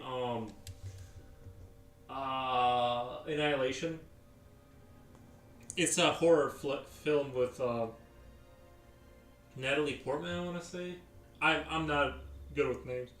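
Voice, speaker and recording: A man chatting casually on a live stream while he sketches, rambling as he answers viewers' chat. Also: fairly high pitch. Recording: roomy, distant mic, faint music.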